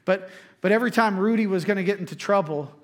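A man, preaching a sermon as pastor, telling lively stories to the congregation and acting out quotes. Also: high voice, quick pace.

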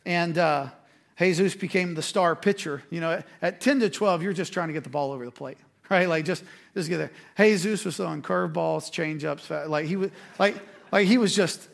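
Man, pastor, sermon storytelling, gravelly, slightly high voice. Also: a little fast. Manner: animated storytelling, self-deprecating.

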